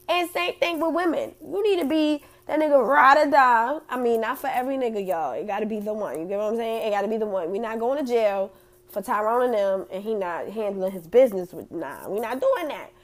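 A woman hosting a casual chat and reading out audience comments, blunt and profane, laughing often. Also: high voice.

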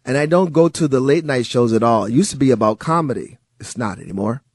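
A man filling in as a talk radio host, giving an animated, sarcastic monologue and chuckling at times. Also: mid-range voice, fast talker, slightly rough, dry recording, clean studio sound.

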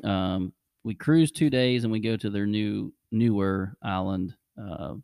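A man's voice: lowish voice, measured pace, a little mellow, smooth, dry recording, clean studio sound. A man hosting a podcast, rambling casually through travel stories and chuckling often. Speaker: podcast host. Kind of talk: casual chat.

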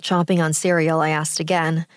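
A young woman from the East Bay in California, calmly and reflectively recounting a personal story in first-person narration. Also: low voice, moderate pace, clear, resonant tone, dry recording, clean studio sound. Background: background music.

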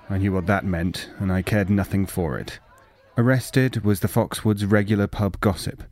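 A man narrating a first-person period story in a measured, wry reading. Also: sits low, darkish tone. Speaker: audiobook narrator.

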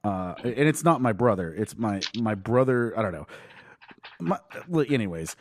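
Lively, profane male podcast host. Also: on the low side, normal speed. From Tulsa, Oklahoma. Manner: animated, profane, laughing storyteller. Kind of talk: casual chat.

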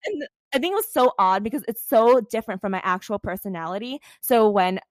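Young american woman on a podcast, talks fast and loose, swears a lot, dry close mic. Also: mid-range voice, no echo. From United States. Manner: animated, swears freely, frequent "like". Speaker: podcast co-host. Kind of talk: casual podcast chat.

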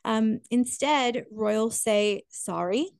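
A woman co-hosting a podcast in casual chat, enthusiastic and quick to restart her sentences. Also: fairly high pitch, darkish tone, dry recording. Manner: chatty, enthusiastic, self-interrupting. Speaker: podcast co-host.

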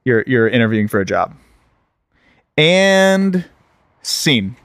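A man's voice: mid-range voice, big pitch swings, slow pace, fairly bright tone, no echo, clean studio sound. A young man co-hosting a podcast, setting up improv scenes and chatting. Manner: loose, sets up scenes. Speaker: podcast co-host. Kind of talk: casual podcast chat.

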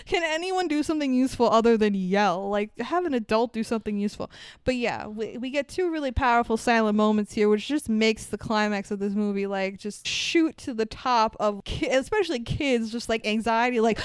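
Animated woman recapping a film. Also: on the high side, moderate pace, clean tone, no echo. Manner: animated, swearing, acts out scenes with sound effects. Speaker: podcast co-host. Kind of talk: casual movie recap chat.

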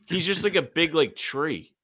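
A man's voice: on the high side, expressive, normal speed, a bit bright, no echo, studio quality. A congested man co-hosting a casual sports podcast, making joking, loose asides about the game. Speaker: podcast co-host.

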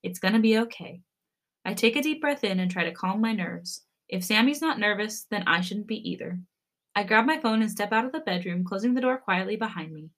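Gentle woman narrating a romance story. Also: medium pitch, expressive, fairly quick. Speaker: podcast story reader. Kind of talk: first-person fan story narration.

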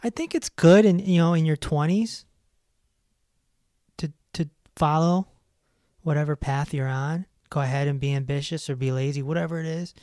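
A man hosting a self-help podcast, talking in an emphatic, animated way and laughing at his own stories. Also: on the high side, moderate pace, no room sound, studio quality. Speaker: podcast host. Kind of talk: casual self-help monologue.

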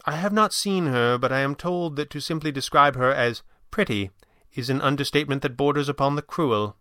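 A young gentleman with a dry, understated wit, as a man reads him in an audiobook. the voice comes across bright and clean, close to the mic with no room sound. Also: medium pitch, fairly quick, no room sound, voice pushed up, close to an everyday voice. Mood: wry. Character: young gentleman master of the house, wry.

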